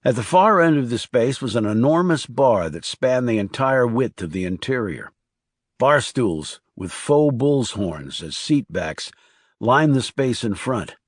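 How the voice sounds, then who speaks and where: This scripted crime thriller audiobook is narrated by a man whose medium-pitched voice keeps a steady, measured storytelling manner. The sound is dry and studio-clean.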